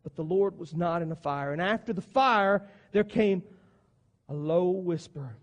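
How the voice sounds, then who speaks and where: A man preaching a sermon, moving between soft, low passages and loud, emphatic ones. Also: measured pace, dull audio. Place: church sanctuary. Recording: long church reverb.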